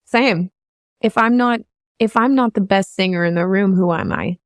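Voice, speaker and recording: A woman's voice: medium pitch, moderate pace, no echo, studio quality. A woman vocal coach hosting a podcast, talking in a rambling, earnest and emotionally open way. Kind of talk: candid podcast conversation.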